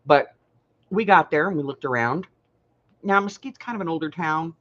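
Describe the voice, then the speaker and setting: A woman's voice: low-pitched, moderate pace, fairly bright tone, a little hiss or hum. An older woman hosting a casual crafting livestream, chatting, rambling through a story and greeting viewers by name. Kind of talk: casual chat. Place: home. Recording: slightly muffled home livestream audio.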